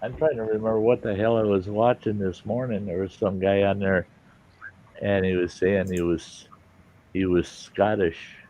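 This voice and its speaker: A man's voice: lowish voice, flat delivery, moderate pace, warm tone. A man hosting a casual livestream chat, telling rambling, salty stories and acting out quotes. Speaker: host. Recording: dull lo-fi stream audio with faint hiss.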